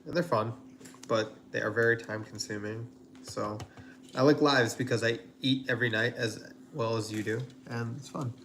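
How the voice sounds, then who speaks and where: A man's voice: mid-range voice, fairly even intonation, moderate pace, a bit bright, slight background noise. A man hosting a casual cooking livestream from his home kitchen, rambling and chatty with lots of fillers. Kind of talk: casual live-stream chat.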